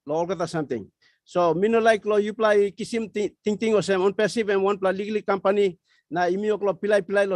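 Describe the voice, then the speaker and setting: Papua New Guinean man, high voice, dry close sound, earnest webinar pitch. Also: no echo. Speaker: webinar speaker. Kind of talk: motivational pitch in Tok Pisin. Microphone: video call.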